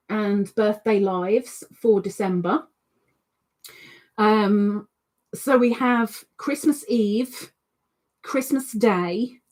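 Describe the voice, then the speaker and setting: A woman with a mid-range, darkish voice hosts a casual live stream. She reads chat messages aloud in a chatty, teasing manner, slipping in playful sing-song asides.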